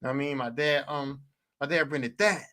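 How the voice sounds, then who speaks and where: A man hosting a podcast, telling stories in a profane, animated, casual way and repeating himself for emphasis. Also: medium pitch, moderate pace. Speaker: podcast host. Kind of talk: casual storytelling monologue.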